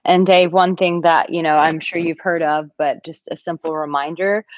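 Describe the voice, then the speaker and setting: A woman in her thirties answers viewers on a live-stream, voicing their comments in playful squeaky impressions. Her voice sits a little low for a woman. The sound is dry and a bit dull, like a home webcam mic. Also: normal speed, no echo. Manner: chatty and animated, acts out quotes in a high squeaky voice. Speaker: dating and relationship coach. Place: villa room, at home.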